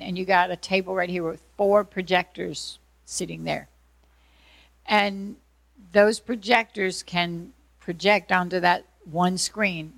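A woman from Georgia, teaching a class from a manual as a prayer ministry teacher and telling lively stories. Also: fairly low pitch, dry recording. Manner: animated storyteller, acts out voices in anecdotes.

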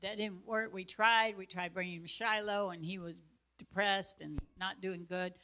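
A chatty woman with a drawl, her voice bright and forward as she tells a homey story to a gathered group. She talks in an animated, easygoing way and slips into laughter now and then. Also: medium pitch, moderate pace, slight background noise. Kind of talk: casual storytelling talk.

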